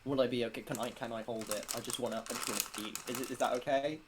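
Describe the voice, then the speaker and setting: A man's voice: mid-range voice, fairly even intonation, quick pace, background noise. Man, tabletop player in character, apologetic, rambling, nervous laughter.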